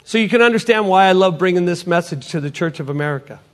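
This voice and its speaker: A middle-aged man who is a potter and evangelist, giving an emphatic sermon testimony that repeats key phrases and swings between soft and loud. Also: high voice, expressive, quick pace.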